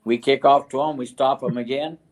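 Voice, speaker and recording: Halting older man telling old stories. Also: mid-range voice, steady tone. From West Virginia, USA. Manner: halting, many "uh" fillers and restarts. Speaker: retired university football coach, guest. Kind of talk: storytelling interview.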